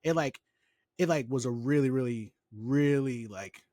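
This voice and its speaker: A man co-hosting a podcast, telling a story in casual chat, animated and quick to swear. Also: medium pitch, dry recording, clean studio sound. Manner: animated, swears freely, slips into mocking quoted voices. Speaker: podcast co-host.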